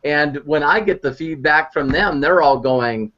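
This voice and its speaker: A man telling an animated story as an online marketing mentor on a live video call, repeating words as he goes. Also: fairly high pitch, measured pace. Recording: muffled video call audio.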